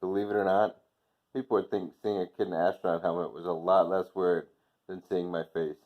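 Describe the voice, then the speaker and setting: Teacher read-aloud: deep male voice, gentle unhurried storybook narration, dull lo-fi sound. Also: little pitch movement. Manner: gentle, unhurried reading with soft quoted dialogue. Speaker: teacher reading aloud to class. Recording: dull lo-fi recording.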